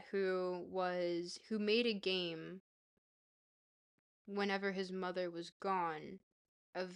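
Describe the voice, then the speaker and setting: A young woman streaming a book reading, putting on a playful mock-British accent as she reads. Between passages she chats casually with viewers and teases herself about her slips. Her voice sits at a middle pitch. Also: clear, resonant tone. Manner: casual, chatty and self-teasing between passages. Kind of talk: livestream reading aloud and chatting with viewers.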